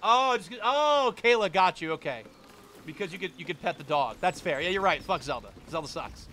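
A man's voice: high voice, expressive, a little fast, bright, forceful tone, a little hiss or hum. A young man streaming a game, giving casual, chatty and joking commentary.

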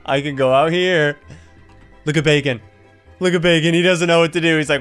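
A man giving excited Let's Play commentary, yelping and laughing as he talks to his viewers. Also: fairly high pitch, a little fast, pauses often, smooth, soft background music. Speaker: gaming YouTuber.

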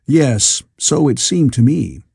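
A man reads as a calm, inventive Victorian gentleman scientist. He explains his ideas patiently in a lively, varied voice that stays mellow and slightly husky. The sound is dry and close. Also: medium pitch, takes it slowly, no echo, full character voice.

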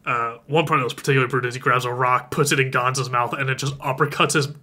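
A man's voice: medium pitch, fairly even intonation, fast talker, bright, forceful tone. A man co-hosting a podcast, casually retelling a movie's plot and acting out the characters' lines. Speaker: podcast co-host recapping a film. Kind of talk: casual chat.

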